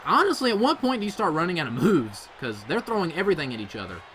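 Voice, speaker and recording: A young man doing play-by-play commentary over a video game wrestling match, excitable and quick to shout on near-falls. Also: on the high side, slight background noise.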